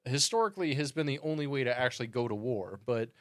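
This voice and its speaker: This podcast co-host is a man with a medium-pitched voice, lively intonation, and a quick pace, sounding fairly bright in clean studio audio without room sound. In casual chat he's wry and swears, and he explains things at length.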